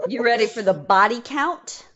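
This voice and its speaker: A woman with a Texas accent hosts a history podcast in a loose, chatty way. She tells her stories with a lively, animated manner. The audio sounds a little dull and muffled. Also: fairly high pitch, normal speed. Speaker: podcast host. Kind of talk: casual chat.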